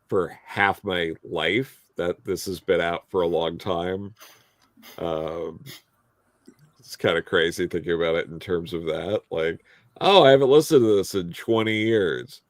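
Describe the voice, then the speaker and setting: A man's voice: low-pitched, no echo, clean studio sound. A man co-hosting a live review podcast, talking casually and a bit hesitantly, with many fillers. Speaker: podcast co-host.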